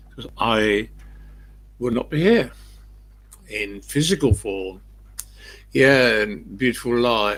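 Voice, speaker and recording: A man's voice: fairly low pitch, gravelly, sharp tone, poor audio. An older man chatting casually and bluntly with livestream viewers, rambling through anecdotes. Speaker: livestream host.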